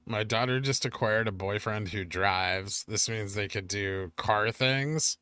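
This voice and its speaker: A man's voice: fairly low pitch, measured pace, sharp tone, clear, resonant tone, dry recording. A middle-aged man hosting a finance stream, chatting casually with viewers and joking at his own expense. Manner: joking, self-deprecating. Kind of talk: casual live-stream chat reading comments.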